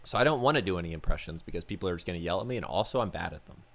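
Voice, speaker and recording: A man's voice: sits low, lively intonation, rapid-fire, gravelly, a bit bright. A man co-hosting a podcast in casual chat, rambling with lots of fillers. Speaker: podcast co-host.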